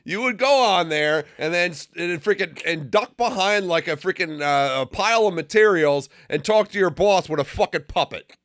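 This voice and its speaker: A man's voice: sits high, lively intonation, normal speed, few pauses, fairly bright tone, no room sound, clean studio sound. A man co-hosting a podcast, teasing his friend insistently with plenty of swearing. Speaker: podcast co-host. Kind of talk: crude joking banter.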